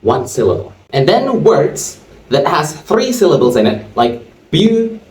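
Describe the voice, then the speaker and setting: A man teaching an English grammar lesson, explaining slowly and spelling out word endings. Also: on the high side, big pitch swings, darkish tone, distant mic. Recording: roomy sound from off-mic.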